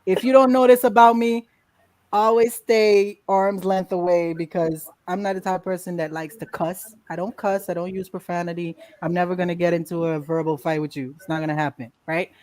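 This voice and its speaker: A woman guest in a casual interview, telling a lively story, acting out quotes and laughing often. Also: fairly low pitch, a little fast, dry recording. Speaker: podcast guest.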